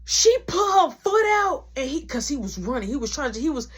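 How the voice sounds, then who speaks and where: A woman's voice: sits high, sing-song, moderate pace. A young adult woman telling a story in casual slang, full of sound effects.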